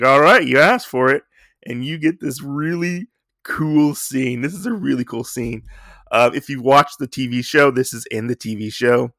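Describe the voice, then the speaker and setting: A man's voice: medium pitch, dry recording, clean studio sound. A young man casually retelling a comic story in a rambling way, with many fillers. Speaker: comic book reviewer. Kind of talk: casual chat.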